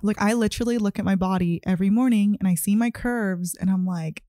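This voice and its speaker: A woman's voice: mid-range voice, a little fast, hardly any pauses, mellow, no room sound, studio quality. A young woman hosting a solo podcast in a casual, gushing way, full of "like" and "you know". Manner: giddy, gushing, heavy use of "like". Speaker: podcast host.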